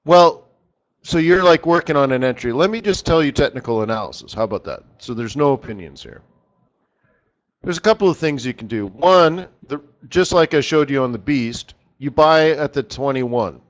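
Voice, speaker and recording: A man's voice: medium pitch, animated, normal speed. A man hosting a live trading strategy session, chatting casually and animatedly with viewers by name as he teaches. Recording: dull lo-fi stream audio.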